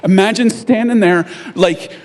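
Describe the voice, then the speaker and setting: A man's voice: high-pitched, unhurried. A man preaching a sermon in a conversational, storytelling way, often checking in with the congregation and chuckling along the way. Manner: conversational storytelling, frequent "right?" asides; animated, chuckling at his own lines. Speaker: pastor.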